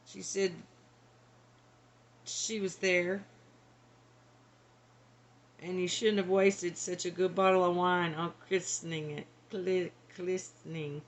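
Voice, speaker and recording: A woman's voice: fairly low pitch, little pitch movement, takes it slowly, long pauses. A woman working as a psychic medium, relaying channeled messages in a hesitant, tentative way. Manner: hesitant, tentative, laughs between.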